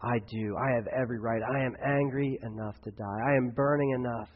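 Guy doing a sulky self-pitying prophet, low and quiet, muffled lo-fi audio. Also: fairly even intonation, fairly quick, natural voice. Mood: sulking. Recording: dull lo-fi recording.

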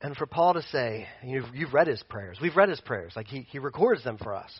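A man's voice: mid-range voice, a little fast, breathy edge, no echo, dull audio. A man preaching a sermon in a casual, conversational way, pacing as he talks. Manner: conversational, animated, paces while preaching.

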